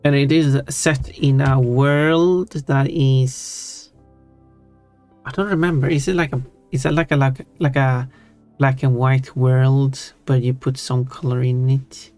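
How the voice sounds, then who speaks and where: Live streamer, Swedish accent, mid pitch, slow and meandering, faint music underneath. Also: fairly even intonation, a little mellow. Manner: rambling, thinking aloud, answering chat. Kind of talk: casual live-stream chat. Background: faint background music.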